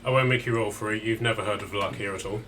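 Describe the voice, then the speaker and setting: A man's voice: lowish voice, fairly even intonation, rapid-fire, fairly bright tone, a little hiss or hum. Casual man narrating as game master. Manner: casual, many fillers and restarts while describing scenes.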